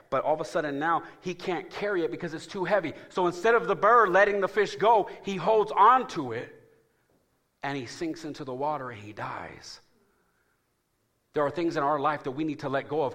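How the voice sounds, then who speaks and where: A pastor delivers a sermon in a bright, forceful voice. He preaches emphatically and calls on the congregation to answer him. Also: fairly high pitch. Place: church.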